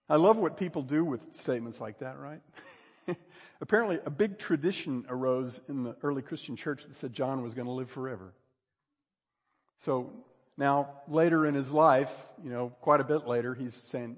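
A pastor preaching a sermon, moving between quiet asides and loud, drawn-out emphasis. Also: male voice, fairly high pitch, long reverb tail. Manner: dynamic preaching, swings from hushed to loud emphasis.

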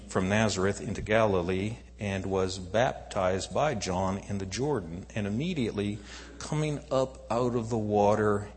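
A man preaching a sermon, moving from quiet to loud emphatic calls. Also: lowish voice, slightly rough, in a large hall.

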